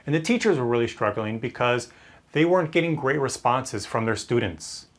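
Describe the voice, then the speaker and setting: A man with an ordinary middle-pitched voice talks through teaching tips in an instructional video. He explains clearly and in a friendly way, like a trainer addressing fellow teachers. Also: big pitch swings, moderate pace.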